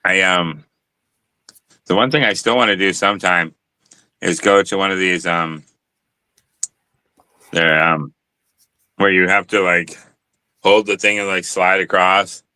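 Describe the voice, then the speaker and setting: A man hosting a casual chat, telling laid-back, profane stories with frequent halting pauses. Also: low-pitched, steady tone, sharp tone, clean tone, dry recording. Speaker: host.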